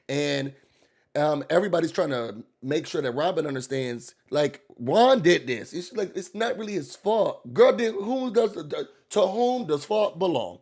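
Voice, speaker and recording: A man's voice: on the high side, animated, moderate pace, a little mellow. A man hosting a casual, gossipy recap rant, acting out quoted voices. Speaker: YouTube recap host.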